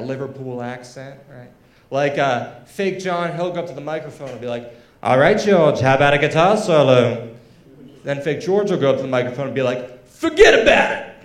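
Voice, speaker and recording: Stand-up comic in an echoey room. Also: male voice, a little high. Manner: conversational, lots of fillers and asides. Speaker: stand-up comedian. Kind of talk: stand-up comedy set.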